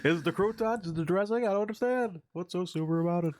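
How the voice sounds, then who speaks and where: A man doing an impression of a male stand-up comic, with a high sing-song delivery. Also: fast, darkish tone, close to an everyday voice. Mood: mock puzzled.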